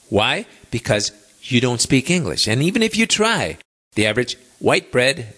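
Brief: middle-aged male podcast host, opinionated and conversational, voice rising and falling in a wide, animated pitch. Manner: chatty, opinionated, asks rhetorical questions. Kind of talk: podcast monologue.

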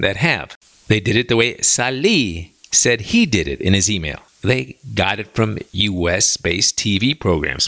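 A man's voice: lowish voice, pushed and bright, dry recording, studio quality. Chatty American man hosting a podcast. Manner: chatty, emphatic, folksy asides. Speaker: podcast host. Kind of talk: casual monologue answering listener email.

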